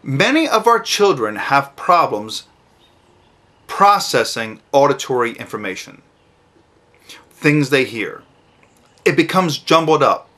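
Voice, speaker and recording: A middle-aged man, a parent giving advice to camera, who speaks slowly and enunciates each word with emphasis. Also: mid-range voice, big pitch swings, bright, forceful tone. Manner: slow, deliberate, emphatic enunciation. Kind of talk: instructional talk to camera.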